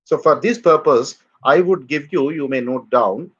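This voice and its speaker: A man teaching English pronunciation in a live online lesson, drilling words slowly for students to repeat. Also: a little high, husky, muffled recording.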